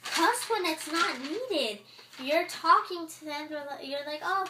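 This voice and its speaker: A woman's voice: sits high, lively intonation, a little slow. Chatty teen girl vlogger, echoey room. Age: teens. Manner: chatty, exasperated, acts out quotes. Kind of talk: casual chat to camera. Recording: echoey room with faint noise.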